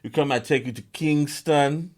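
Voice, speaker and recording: A man's voice: a little high, moderate pace, voice pushed up, lightly acted. A man voicing a pushy adult male street hustler with a Jamaican accent, coaxing and salesy.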